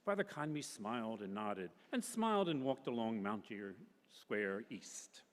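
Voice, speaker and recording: A man reading a novel aloud at a public literary festival, expressive and characterful, shifting his voice between narration and the people in the story. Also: lowish voice, a little slow, long reverb tail.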